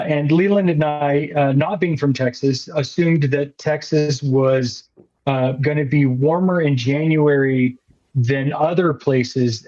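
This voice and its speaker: Slow-talking man on muffled audio. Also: on the high side, warm tone. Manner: slow, measured, dry understatement. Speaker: filmmaker guest. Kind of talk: casual interview talk.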